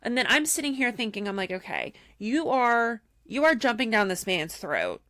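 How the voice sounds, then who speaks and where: A woman co-hosting a chatty podcast, animated, breaking into quick impressions of other people mid-story. Her voice is bright and forward, and the sound is dry and close with no room around it. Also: a little high, no room sound. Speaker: podcast co-host. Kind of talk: casual chat recapping a reality show.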